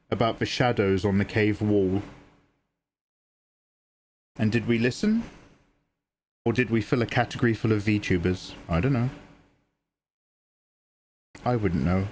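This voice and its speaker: A man's voice: mid-range voice, a little mellow, slight background noise. A young man chatting casually on his art livestream, joking and laughing at his own stories. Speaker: art streamer.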